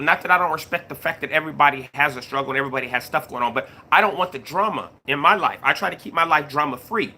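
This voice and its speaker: Casting: middle-aged male streamer, somewhat high voice, very bright and forceful, laid-back chat to viewers. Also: fast talker, hardly any pauses. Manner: laid-back, repeats himself, greets chat mid-story. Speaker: YouTube live streamer. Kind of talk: casual livestream talk to viewers.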